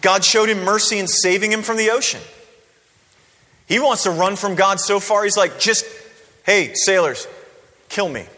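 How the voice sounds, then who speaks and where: A man preaching a sermon in a church, conversational and animated, often checking in with "right?". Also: high voice, moderate pace. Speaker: pastor. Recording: long hall reverb.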